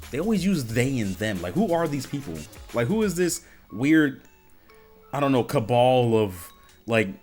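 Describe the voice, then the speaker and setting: A man's voice: medium pitch, a little mellow. A man giving reaction commentary on clips, exasperated and incredulous, firing off rhetorical questions.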